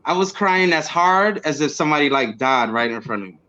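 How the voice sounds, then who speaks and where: A man being interviewed, telling a personal story casually and acting out what he said back then with bursts of energy and laughs. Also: a little high. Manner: animated, acts out his own past words with quick bursts and laughs. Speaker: interview guest. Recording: slightly dull lo-fi audio.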